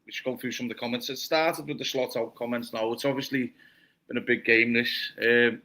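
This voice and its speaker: Bright-voiced scouse football show host. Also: male voice, mid-range voice, steady tone, brisk. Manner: sweary, chatty, leads the talk. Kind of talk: casual football chat.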